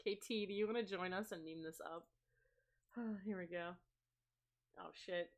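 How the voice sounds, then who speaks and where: A woman streaming a game, reading its text and chatting in a playful, animated way. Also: lowish voice, unhurried.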